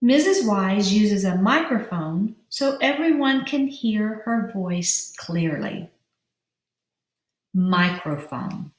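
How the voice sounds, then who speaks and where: Woman teacher, slow careful delivery, drawn-out syllables, roomy echo. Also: medium pitch, lively intonation. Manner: slow, drawn-out syllables, spelling letters aloud. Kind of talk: vocabulary lesson for young children.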